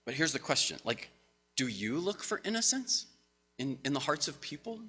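A man's voice: a little high, big pitch swings, moderate pace, pushed and bright, husky. A man giving a conversational, story-driven sermon to a congregation as pastor. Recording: long hall reverb.

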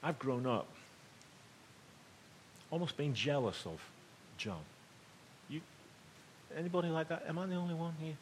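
A man's voice: fairly high pitch, measured pace, pauses often, a little hiss or hum. Conversational middle-aged male preacher. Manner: conversational, swings between loud emphasis and hushed tones. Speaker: pastor. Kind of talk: storytelling sermon.

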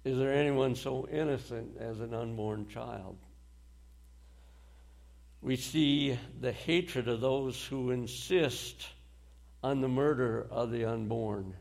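Slow gravelly-voiced male preacher. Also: medium pitch, a little mellow. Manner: slow, deliberate delivery with pauses and short dry laughs. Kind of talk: sermon.

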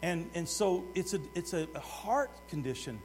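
A middle-aged man preaching a sermon, swinging between loud urgent exhortation and hushed asides while putting direct questions to the congregation. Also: high-pitched, lively intonation, normal speed, soft background music. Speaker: pastor. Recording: long hall reverb with mains hum.

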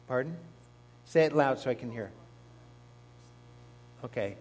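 A man's voice: medium pitch, animated, unhurried, pauses often, a little mellow. A man, a pastor, preaching a sermon in a conversational teaching manner, with asides to the congregation. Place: church.

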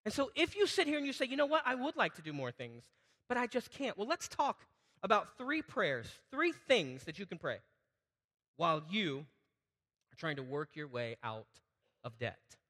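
Animated preaching man, high bright voice. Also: moderate pace. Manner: animated, quotes people in raised voices, asks the congregation questions. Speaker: pastor. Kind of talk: sermon. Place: church hall with a congregation. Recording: hall reverb.

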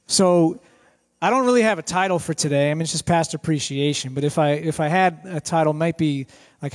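Guest preacher, male, high-pitched, excitable, jokey, repeats himself. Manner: excitable, joking, repeats phrases. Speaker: guest speaker at church. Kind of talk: lighthearted sermon. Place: church sanctuary.

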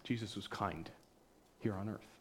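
A pastor preaching a sermon, retelling stories with acted-out quoted voices, swinging between loud bursts and hushed, quiet passages. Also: male voice, on the low side, normal speed, noisy background.

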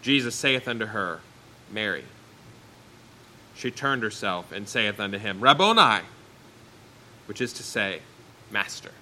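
A man's voice: lowish voice, expressive, moderate pace, pushed and bright, slight background noise, rough recording. A man preaching a sermon, reading Bible verses aloud and then explaining them in plain, everyday words.

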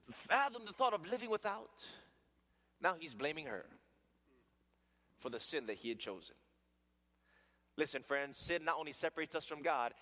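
A man preaching a sermon, calling out to his listeners as friends, rising to loud emphatic peaks and dropping to hushed near-whispers. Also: sits high. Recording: long hall reverb.

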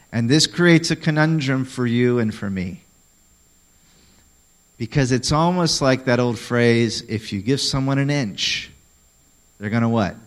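A man's voice: mid-range voice, low-quality recording. Conversational male pastor preaching. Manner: conversational, emphatic, asks questions. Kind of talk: sermon.

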